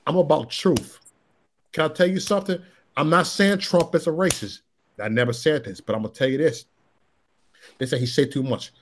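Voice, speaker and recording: A man's voice: on the high side, a little fast, long pauses, a little hiss or hum. A man from Chicago hosting a casual political chat, talking emphatically and repeating himself for stress. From USA, Chicago. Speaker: host.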